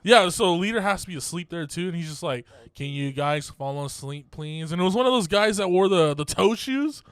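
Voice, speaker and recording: Young guy on a podcast telling a story, kinda high voice, laughs a lot, swears, does everyone's lines, dry close sound. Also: expressive, a little fast, clear, resonant tone, no room sound. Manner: laughing often, swearing, acting out others' lines. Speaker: podcast co-host. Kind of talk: casual storytelling.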